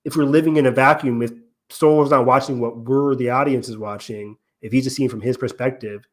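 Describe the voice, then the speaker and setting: A man of ordinary pitch co-hosting a casual podcast. He unpacks story details at length in an analytical, explaining way. His ums and restarts keep it loose and conversational. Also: steady tone, fairly quick. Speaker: podcast co-host.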